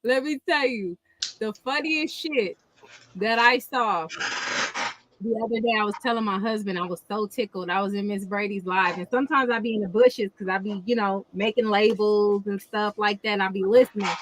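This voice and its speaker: A woman hosting a casual livestream, telling stories in an animated way with lots of laughter and slang. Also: mid-range voice, moderate pace, no echo. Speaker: livestream host.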